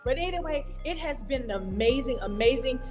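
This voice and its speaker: A woman leading a live walking tour through indoor hotel hallways, talking into a phone she holds as she walks. She is energetic and hyped, and she repeats words for emphasis. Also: sits high, a little fast. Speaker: event organizer giving a tour. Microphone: phone held while walking. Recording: tinny phone-mic audio with faint music.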